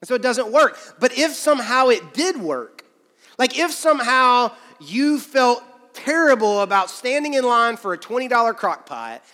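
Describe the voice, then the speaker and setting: High-voiced man preaching in an echoey hall. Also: big pitch swings, normal speed, sharp tone. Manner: conversational preaching with humor and quoted voices. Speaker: pastor. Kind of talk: sermon.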